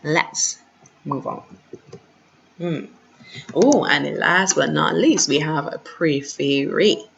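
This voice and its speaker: A woman teacher talks slowly and patiently through a lesson, repeating each drill and cheering her students on. Her voice sits a little low. The sound is dull and lo-fi. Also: gravelly, slight background noise. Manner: patient, repeats conjugations, sudden laughs, encouraging. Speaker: French teacher.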